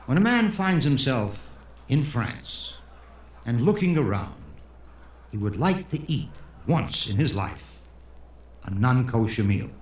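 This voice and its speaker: Animated man telling jokes. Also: mid-range voice. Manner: animated storyteller, quick to voice characters. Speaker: comedian. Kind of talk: stand-up joke telling. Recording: echoey room, faint background noise.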